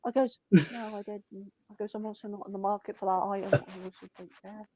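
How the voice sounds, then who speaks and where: A woman, telling shop stories in a blunt, sweary, deadpan way. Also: medium pitch, a little fast, dry recording. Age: 20s. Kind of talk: casual chat. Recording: dull lo-fi dry sound.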